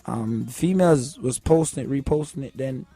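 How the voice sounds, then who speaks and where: A man's voice: medium pitch, normal speed, warm tone, breathy edge, dry recording, soft background music. A man with a Jamaican accent, a musician guest telling his story in a laid-back way, often asking "you know what I'm saying". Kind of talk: casual interview talk.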